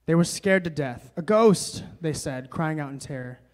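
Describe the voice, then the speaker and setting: A young man preaching at a young adults service, moving between quiet reading and loud, emphatic exhortation, with casual fillers when he tells a story. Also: a little high, moderate pace. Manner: casual, many fillers when telling stories. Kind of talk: sermon.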